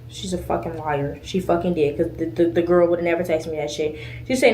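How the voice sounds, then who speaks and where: A woman's voice: lowish voice, steady tone, quick pace, darkish tone. A young woman ranting in a heated, profane way about a fight, acting out both sides of the argument. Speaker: streamer telling a story in a clip. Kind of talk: heated rant. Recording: echoey room with faint noise.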